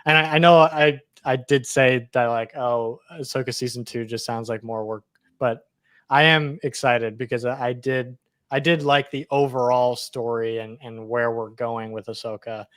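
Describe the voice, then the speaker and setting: A man's voice: mid-range voice, fairly even intonation, normal speed, a bit bright, clean tone, no room sound, studio quality. A young man hosting a casual live discussion, earnest and hesitant, often restarting his phrases. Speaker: host.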